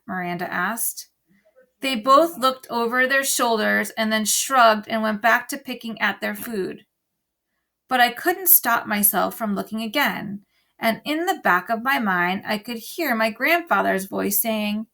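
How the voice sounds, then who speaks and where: Woman, teacher, reading aloud to an online class, expressive storytelling, gravelly fry. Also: fairly high pitch, a little slow.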